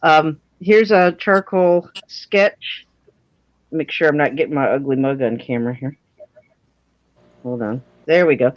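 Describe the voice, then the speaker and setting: A woman's voice: deep voice, measured pace, long pauses, dry recording. A woman artist chatting casually on a livestream, folksy and self-deprecating. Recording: dry, dull lo-fi stream audio.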